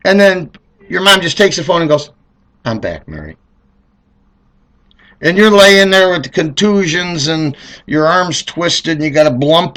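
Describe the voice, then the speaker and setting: A middle-aged man telling comedic stories in a rambling, animated way, acting out voices. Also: fairly high pitch. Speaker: car dealer telling stories. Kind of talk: comedic monologue.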